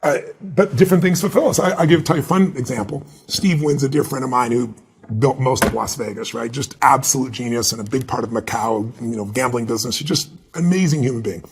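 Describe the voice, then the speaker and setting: Gravelly-voiced man telling animated stories. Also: mid-range voice, quick pace. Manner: animated storyteller, acts out quoted voices. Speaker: guest, motivational speaker. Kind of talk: storytelling interview answer.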